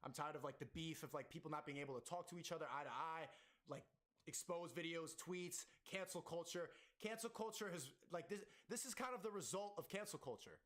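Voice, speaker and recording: A male streamer rambles on a stream clip, emotional and full of "like" and false starts. His voice sits somewhat high for a man. The talk is loose and unscripted. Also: fairly quick, a bit bright. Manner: emotional, rambling, filler-heavy.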